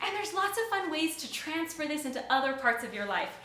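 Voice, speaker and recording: A woman's voice: high-pitched, sing-song, a little fast, pushed and bright, slight background noise. A woman teaching a children's music class, singing nursery songs and cheerfully coaxing the kids to join in. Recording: echoey room.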